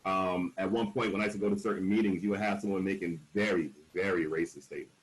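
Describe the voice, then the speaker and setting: Frank, emphatic man with a lowish voice. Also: fairly even intonation, fast talker, rough recording. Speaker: panel speaker. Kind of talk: candid personal storytelling at a panel.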